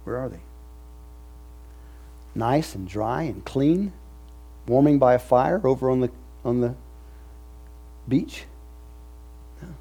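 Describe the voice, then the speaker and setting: Brief: man, pastor mid-sermon, breathy-rough tone, emphatic rhythm. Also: mid-range voice, lively intonation, slow pace, pauses often, warm tone. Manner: emphatic, repetitive preaching cadence.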